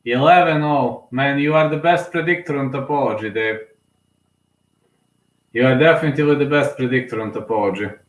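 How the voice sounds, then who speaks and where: A young man giving live, emotional fan commentary on a fight, excitable and often repeating himself. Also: medium pitch, normal speed. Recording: roomy echo.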